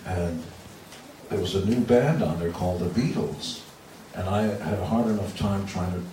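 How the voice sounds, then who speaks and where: A man's voice: on the low side, a little mellow, a little hiss or hum. A man in his sixties telling blunt, joking stories to a live audience between guitar chords. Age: 60s. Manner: joking, blunt, crude asides. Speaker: musician telling stories to fans. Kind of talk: casual live storytelling with guitar. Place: event room with an audience. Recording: roomy, distant mic with guitar.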